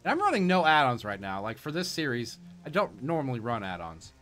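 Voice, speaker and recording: Sleepy guy rambling through a game at 4am, bouncy pitch, faint music behind. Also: wildly swooping pitch, brisk, fairly bright tone. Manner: rambling and jokey, talking to himself. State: sleepy and punchy late at night. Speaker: streamer. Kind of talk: casual gameplay commentary. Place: quiet home at night.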